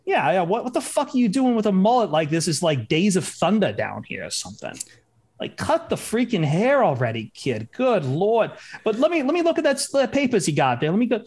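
A man's voice: sits high, wildly swooping pitch, fairly quick, a little mellow, slightly rough. A young man co-hosting a sports betting podcast, cracking jokes in brash, swearing tough-guy rants. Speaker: podcast co-host. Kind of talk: joking sports betting banter.

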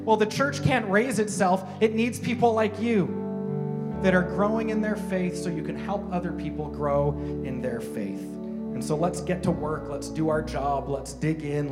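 A man preaching a sermon as pastor in a church, earnest and encouraging, often repeating words as he pushes a point. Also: on the high side. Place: church sanctuary. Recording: music playing behind voice. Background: guitar music.

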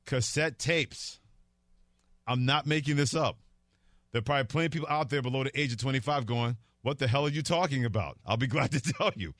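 A man's voice: medium pitch, a little fast, dry recording. Chuckling male radio host, dry studio. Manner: laughs easily, animated storytelling. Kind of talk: casual radio chat. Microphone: studio microphone.

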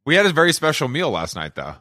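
Fast, lively Southern man, bright tone. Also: on the high side, dry recording, studio quality. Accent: Southern American. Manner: quick, teasing, expressive. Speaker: podcast host. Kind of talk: casual banter.

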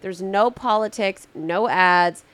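A woman's voice: mid-range voice, takes it slowly, fairly bright tone, clear, resonant tone, dry recording. A woman co-hosting a podcast in casual chat, sarcastic, joking and irreverent. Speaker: podcast co-host.

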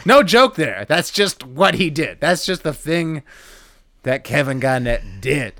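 A man's voice: a little high, sing-song, a little slow, fairly bright tone. Man doing a podcast joke bit. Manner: joke-setup delivery, stammering, laughing. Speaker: podcast co-host.

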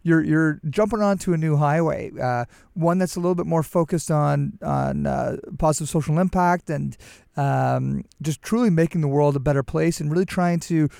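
Male podcast host, gravelly and hesitant in his questions, dry close mic. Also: fairly high pitch, darkish tone, no echo. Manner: halting, many restarts and "uh"s. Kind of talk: interview questions.

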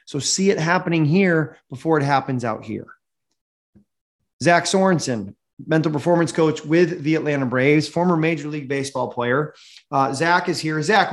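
Energetic motivational man, slightly high voice. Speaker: podcast host and speaker. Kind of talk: seminar talk.

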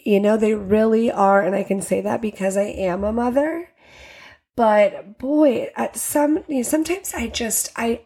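A woman's voice: fairly high pitch, a little mellow, slightly rough. A woman hosting a podcast, ranting candidly and profanely in casual talk and acting out quotes as she tells stories. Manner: storytelling with acted quotes. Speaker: podcast host.

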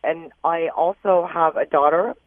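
A woman's voice: low-pitched, unhurried, no echo. A woman calling in to a radio advice show, explaining her problem somewhat hesitantly. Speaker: caller. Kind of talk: call-in radio conversation. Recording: tinny phone line.

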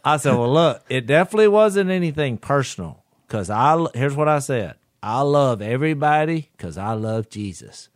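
A man co-hosting a podcast and recounting a story in an easygoing, chatty way. His voice rises and falls with lively swings of pitch, and now and then he chuckles at his own tale. The sound is close and dry, with no room echo. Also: normal speed, hardly any pauses. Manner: animated, laughs through his own story. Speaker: podcast co-host. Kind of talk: casual storytelling chat.

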